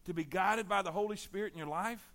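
High, bright-voiced preacher. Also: male voice, fast talker. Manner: emphatic preaching, swings between loud exhortation and hushed intensity. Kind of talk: sermon.

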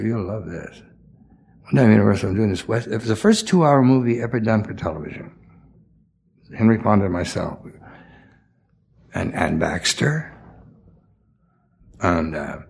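A man's voice: fairly low pitch, gravelly, a little mellow, husky. An older man, an actor, telling rambling anecdotes in a chat and slipping into voices for the people in them. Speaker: actor guest. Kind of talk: storytelling chat.

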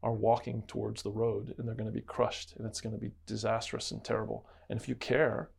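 A man's voice: lowish voice, level tone, a little fast, vocal fry, a little mellow, husky. A man co-hosting a casual Bible-study chat, telling a story earnestly. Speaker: co-host.

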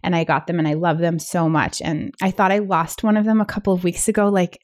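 A woman's voice: lowish voice, steady tone, fairly quick. A woman co-hosting a podcast in casual chat, talking with lots of fillers and asides. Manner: chatty, many fillers like "like". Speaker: podcast co-host.

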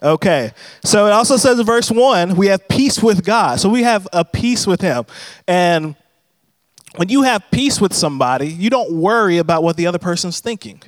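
A man's voice: high-pitched, expressive, normal speed, no echo. A young man preaching a sermon in a conversational, humorous storytelling manner. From Texas. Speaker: pastor.

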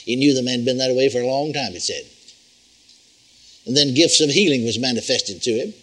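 An older man preaching a sermon in a folksy, animated teaching manner, repeating phrases for emphasis. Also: mid-range voice, a little fast, husky, rough recording. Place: church healing school.

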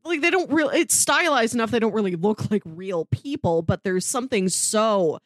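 A woman's voice: mid-range voice, animated, moderate pace, no echo, studio quality. A woman co-hosting a podcast in casual chat, full of "like" fillers and laughing mid-sentence. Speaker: podcast co-host.

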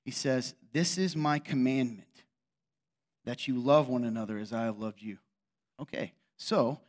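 A man's voice: mid-range voice, a little slow. A middle-aged man preaching a sermon as pastor, conversational, with rhetorical questions and sarcastic asides.

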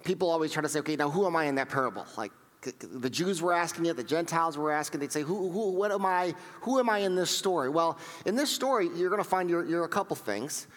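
A man preaching a sermon, telling stories in an animated way and acting out what people said, often repeating and restarting his words. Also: fairly high pitch, fast, long reverb tail. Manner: animated storytelling with acted-out quotes; frequent repetitions and restarts. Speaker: pastor.

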